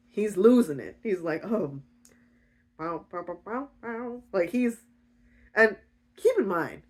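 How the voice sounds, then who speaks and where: A woman giving a casual, giggly, chatty recap of a romance novel. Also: mid-range voice. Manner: giggly, chatty, with frequent fillers. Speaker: book reviewer.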